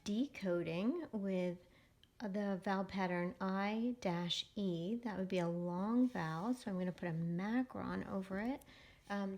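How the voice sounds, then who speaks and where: A woman teaching a phonics lesson to young children, explaining slowly and patiently. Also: mid-range voice, darkish tone.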